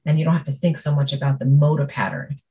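A woman's voice: sits low, fast, mellow, dull audio. A woman who is a speech-language pathologist, patiently explaining her work in casual conversation.

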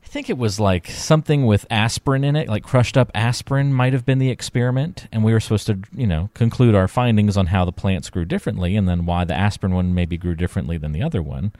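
A man co-hosting a talk show about finances, telling stories in a relaxed way with fillers and laughs. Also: lowish voice, quick pace, few pauses, no room sound. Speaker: podcast co-host. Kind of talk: casual chat.

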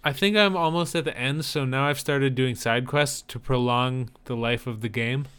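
A man's voice: mid-range voice, steady tone, normal speed, fairly bright tone, clean tone. A man co-hosting a podcast in casual chat, teasing and laughing easily. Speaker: podcast co-host.

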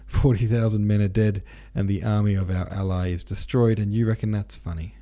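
A man's voice: fairly low pitch, steady tone, brisk, mellow, close to an everyday voice. A man voicing a proud young male prince and officer who talks sharply and scolds. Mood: scolding.

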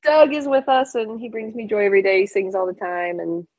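A woman's voice: mid-range voice, steady tone, a little fast, a little mellow, dry recording, muffled recording. A young woman guest on a podcast, chatting in a rambling way full of fillers, calling in remotely. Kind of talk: casual chat.

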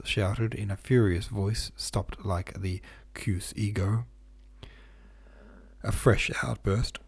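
Male reader, low husky voice, measured classic-novel reading. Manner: steady, measured reading that stops to explain footnotes. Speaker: audiobook reader.

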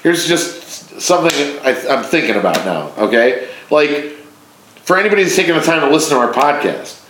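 A man co-hosting a podcast, chatting casually in a rambling, profane way and telling animated stories with lots of restarts. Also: a little high, a little fast. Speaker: podcast co-host. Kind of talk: casual chat. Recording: echoey room with faint noise.

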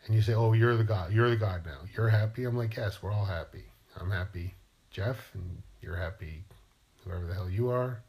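A man's voice: fairly low pitch, a little mellow. A man, a writer, musing playfully in a rambling monologue and asking himself questions aloud.

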